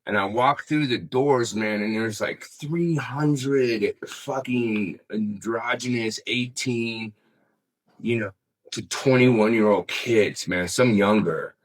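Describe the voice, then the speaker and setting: This middle-aged interview guest speaks slowly in a mid-range voice, captured on a rough recording. He tells his story in loose, easygoing, rambling talk, dropping "man" often and cursing without restraint.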